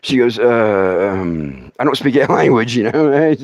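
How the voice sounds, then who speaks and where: A middle-aged comedian tells a comic story on a livestream in a storytelling stand-up style. His medium-pitched voice is sing-song and unhurried, and he stammers, laughs often and puts on voices.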